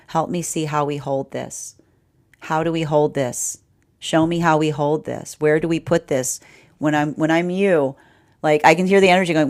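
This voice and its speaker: A woman's voice: low voice, a little mellow. A woman giving a live tarot reading, rambling and repeating herself, with frequent "right?" and "like". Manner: laughs often, quoting the energy's voice. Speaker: tarot reader.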